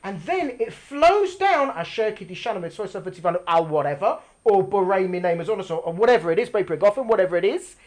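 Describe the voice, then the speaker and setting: A woman teaches a live religious class, using a diagram to explain, questioning the audience, and repeating lines for emphasis. Her mid-range voice is sing-song and slightly dark, moving a little fast with few pauses.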